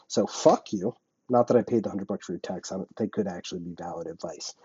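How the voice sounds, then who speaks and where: A man's voice: lowish voice, animated, fast talker, dark tone, breathy edge, no room sound, highs cut off. A young man in his apartment, ranting profanely and rambling into his computer for a vlog. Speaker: YouTube vlogger. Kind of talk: ranting monologue to camera.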